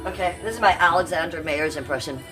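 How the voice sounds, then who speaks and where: A woman's voice: lowish voice, fast, over music. A woman in her fifties hosting a casual livestream, brash, profane and rambling as she reads out chat comments. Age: 50s. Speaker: livestream host.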